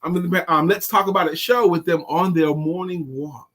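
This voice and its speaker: A man's voice: a little high, brisk. A middle-aged man co-hosting a casual chat show, teasing and joking with his co-host. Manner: playful teasing, animated. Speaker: podcast co-host.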